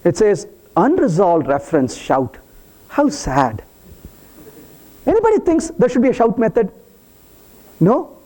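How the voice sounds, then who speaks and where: A man speaks at a conference, walking the audience through code in a playful, teasing way. His voice sits high and leaps widely in pitch, and his tone stays soft and mellow rather than bright. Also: huge pitch swings, measured pace, long pauses. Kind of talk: live technical talk to an audience. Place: conference hall.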